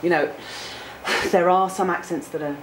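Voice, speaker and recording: A woman's voice: on the low side, steady tone, a little slow, a crowd in the background. A woman in her forties from Cornwall, a news presenter answering interview questions candidly and chattily, with fillers. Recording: echoey room with noticeable background noise.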